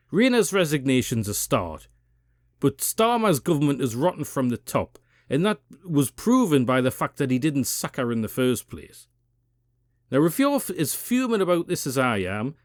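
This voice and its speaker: A Geordie man delivers a combative political rant, full of swearing and scornful jabs. His voice is slightly high and very animated, climbing and plunging as he goes. The sound is dry and close. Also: dry recording. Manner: profane, sarcastic, combative. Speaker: political commentary channel host.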